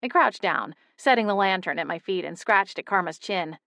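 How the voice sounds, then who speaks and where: A young woman narrating a first-person audiobook in a steady, intimate storytelling manner. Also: on the low side, moderate pace, vocal fry, no echo. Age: young adult.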